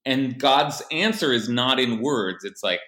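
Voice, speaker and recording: A man talking casually on a podcast, rambling through his points with lots of fillers and restarts. His voice is bright and clear, with a noticeable echo from the room around him. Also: medium pitch, animated, unhurried. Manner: rambling, hesitant, frequent fillers. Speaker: podcast co-host. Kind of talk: casual chat.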